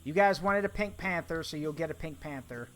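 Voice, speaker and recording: A man's voice: on the high side, a little fast, fairly bright tone. A man streaming a game, chatting casually with his viewers as he works. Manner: chatty, talks to chat while working, hums tunes. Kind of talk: casual gameplay commentary.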